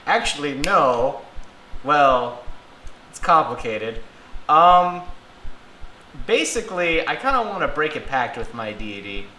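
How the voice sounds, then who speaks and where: A man playing his character at a tabletop game, lively and laughing often, with hesitant restarts. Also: on the high side, slow pace, long pauses. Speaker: player. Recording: echoey room with faint noise.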